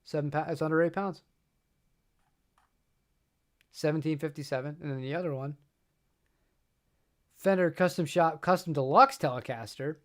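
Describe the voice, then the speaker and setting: A man's voice: fairly high pitch, moderate pace, pauses often. A man hosting a guitar channel, chatting casually on a live stream, rambling and repeating words and laughing often.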